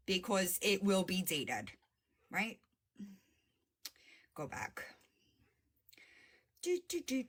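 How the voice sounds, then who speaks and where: A woman livestream host delivers a confrontational call-out full of swearing and taunts. Her voice sits high and swings widely in pitch as she presses each point. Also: sharp tone. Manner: confrontational, profane, mocking.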